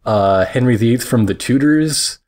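A young man co-hosting a podcast, throwing in dry, joking quips during casual chat. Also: normal speed. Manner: dry jokey quips, lively pitch. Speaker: podcast co-host.

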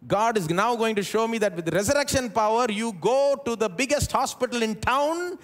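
A man preaching a sermon in an Indian English accent, his fairly high voice rising and falling widely. He moves between loud, stressed lines and quiet, dropped asides, recorded during a live church service. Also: expressive, moderate pace, few pauses. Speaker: pastor.

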